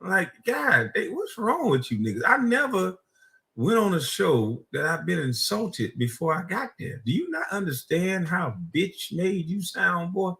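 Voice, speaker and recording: A man with a Gullah Geechee accent from South Carolina, whose voice is mid-pitched and bright with a hard edge. He streams his reactions and mocks and jabs at a rival, laughing at his own insults. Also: big pitch swings, a little slow, vocal fry. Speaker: streamer host.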